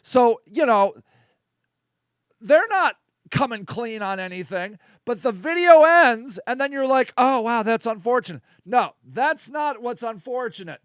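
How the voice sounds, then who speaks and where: A man delivers an angry commentary over a video, his voice sitting very high for a man. He speaks with indignant, profane emphasis. The sound is close and dry, with almost no room echo. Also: animated, measured pace, a bit bright, clean tone.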